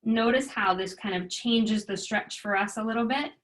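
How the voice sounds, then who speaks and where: A woman yoga instructor giving calm, gentle breath and stretch cues in a guided chair yoga class. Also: fairly high pitch, moderate pace, low-quality recording.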